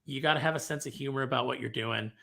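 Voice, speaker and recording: Bright-voiced man in casual chat. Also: medium pitch, quick pace, creaky. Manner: rambling, repeats words while thinking. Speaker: podcast co-host.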